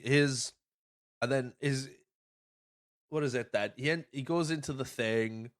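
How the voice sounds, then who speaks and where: A man hosting a podcast, chatting casually about a movie, swearing often and acting out quotes. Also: medium pitch. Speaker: podcast host.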